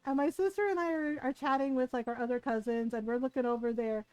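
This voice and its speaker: A woman's voice: high voice, fast, smooth, no echo. A woman streamer chatting casually as she tells a long story, often checking in with "right?". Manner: lively storyteller who keeps asking "right?".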